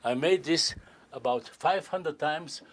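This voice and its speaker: A man's voice: fairly high pitch, slow, a bit bright. An older man performing as a stage magician, joking and courtly with volunteers in careful. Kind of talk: live magic performance patter.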